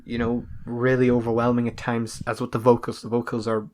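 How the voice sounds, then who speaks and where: A man co-hosts a casual podcast, speaking in a flat monotone with little rise and fall. His tone stays level as he talks through his opinions. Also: medium pitch, a little fast. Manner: monotone delivery. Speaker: podcast co-host.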